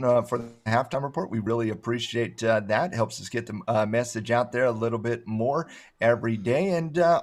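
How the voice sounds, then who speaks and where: A man co-hosting a live market show, enthusiastic and rambling as he promotes a daily podcast. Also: mid-range voice. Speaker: co-host. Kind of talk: casual promo chat.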